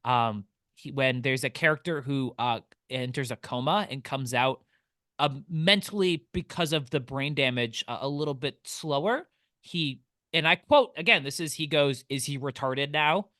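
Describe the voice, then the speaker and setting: A man co-hosting a film podcast, telling stories in an animated way and swearing freely. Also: mid-range voice, normal speed, no room sound, studio quality. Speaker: podcast co-host. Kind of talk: casual film podcast chat.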